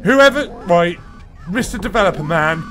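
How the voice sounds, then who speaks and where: A man's voice: sits high, expressive, moderate pace. A man giving panicky, profane commentary while playing a horror game, gasping and swearing as he goes. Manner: swears a lot, jumpy, panicky shouts and gasps. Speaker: gaming video host. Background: faint game music.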